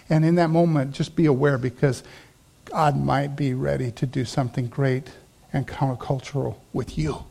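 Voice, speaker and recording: A man's voice: fairly high pitch, fairly even intonation, moderate pace, gravelly, mellow. A middle-aged male pastor from the United States preaching a sermon, telling stories and playing up the voices of the people he quotes.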